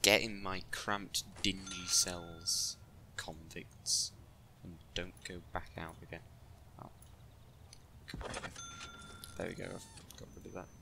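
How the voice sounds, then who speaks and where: A man with a fairly low voice talks slowly through a game, joking and mocking himself as he goes. His commentary rambles casually and he often talks to himself. A steady hiss of background noise sits behind him. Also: gravelly. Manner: jokey, self-mocking, rambling asides to himself. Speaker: let's play gamer.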